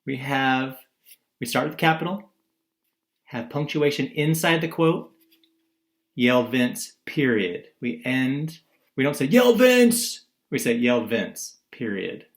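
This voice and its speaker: A male teacher talks through a recorded video lesson at a middle pitch. He keeps asking his class questions and answering them, and he acts out quoted lines in voices of their own. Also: takes it slowly, pauses often.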